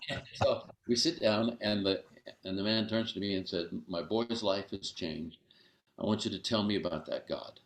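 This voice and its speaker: An older man telling a story as an interview guest, acting out the dialogue in an animated way. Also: reverberant, slight background noise. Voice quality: gravelly low voice.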